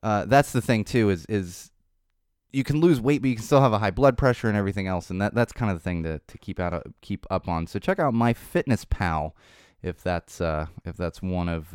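A man hosts his podcast alone in a casual, unscripted monologue, drifting into tangents as he goes. He sounds tired, but his pitch stays lively and swings up and down. The recording is dry, with no room sound. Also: no room sound. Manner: rambling, speaks off the cuff with tangents. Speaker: podcast host.

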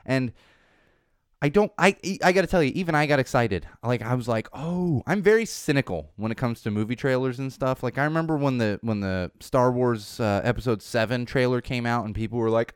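A man's voice: mid-range voice, fairly quick, smooth, no echo. A man hosting a casual entertainment news chat in a studio, rambling and correcting himself, with sarcastic asides. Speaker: podcast host. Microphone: studio microphone.

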